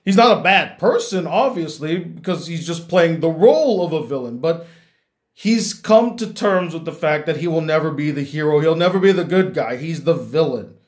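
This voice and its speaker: A man's voice: a little high, lively intonation, moderate pace. A young man, a YouTube critic, talking earnestly and reflectively to his viewers, often repeating words as he gathers his thoughts. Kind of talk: heartfelt talk to camera.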